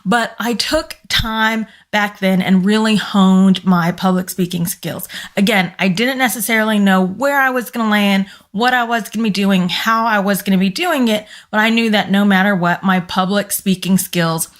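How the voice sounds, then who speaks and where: A woman speaks straight to her viewers in a relaxed, motivational tone, urging them to grow their business skills. Her voice is hoarse and strained, as if she is losing it. She speaks earnestly, with the odd filler and restart. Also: medium pitch, normal speed, hardly any pauses. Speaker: business coach and former corporate employee. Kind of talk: casual motivational talk to camera.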